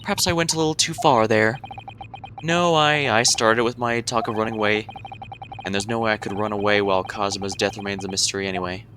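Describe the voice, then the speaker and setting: A man's voice: on the low side, fairly even intonation, brisk, noisy background. A male streamer reading game dialogue aloud in a chatty way, sometimes tripping over his words.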